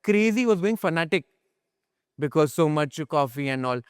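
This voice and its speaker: A man teaching a spiritual class and telling stories, swinging between hushed and excited. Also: fairly high pitch, moderate pace, smooth, dry recording, studio quality. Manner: animated storyteller, acts out quotes, swings between hushed and excited. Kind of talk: informal spiritual class talk.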